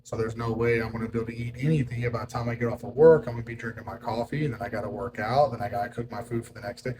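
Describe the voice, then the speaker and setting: Over background noise, a young dieting vlogger races through his words, hungry, grumpy, candid, and repetitive as he talks casually to camera. His voice is mid-range with fairly even intonation.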